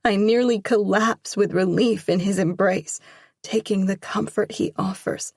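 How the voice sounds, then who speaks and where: A woman's voice: medium pitch, fairly even intonation, unhurried, creaky, no echo, clean studio sound. A woman narrating a first-person romance audiobook, emotional and pleading in dialogue.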